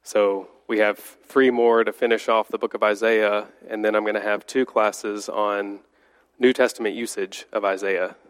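A man's voice: lowish voice, flat delivery, moderate pace, smooth. A man teaching a church Bible class, congested and slightly nasal from a cold, talking conversationally with fillers and restarts.

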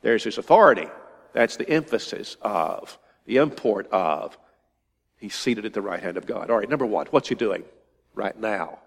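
A man's voice: lowish voice, lively intonation, normal speed. An older man preaching a sermon, emphatic and often repeating phrases for stress. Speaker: pastor. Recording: long hall reverb.

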